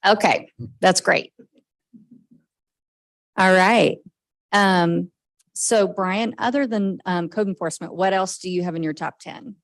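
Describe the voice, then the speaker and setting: Gravelly-voiced woman leading a meeting. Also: on the low side, no echo, low-quality recording. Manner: brisk, encouraging, with frequent okays. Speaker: meeting facilitator. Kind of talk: leading a group discussion. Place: government meeting room.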